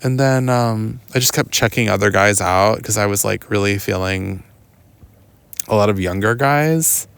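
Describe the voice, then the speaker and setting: Rambling low-voiced gravelly storyteller. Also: male voice, unhurried, a bit bright, no room sound. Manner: rambling, lots of "like" and "um", mimics others in quotes. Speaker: podcast host. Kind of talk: casual storytelling monologue. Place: outdoors walking in the woods.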